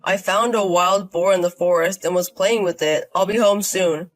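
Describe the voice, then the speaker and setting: A woman voicing an easygoing, dim young husband in a storybook, in a lowered voice. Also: normal speed, close to an everyday voice.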